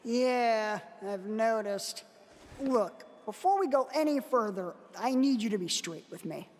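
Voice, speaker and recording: Woman voicing a wisecracking young spriggan guy, high and lively, reverb and music. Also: measured pace. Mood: sarcastic. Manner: sarcastic, wisecracking. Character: snarky young male spriggan outcast.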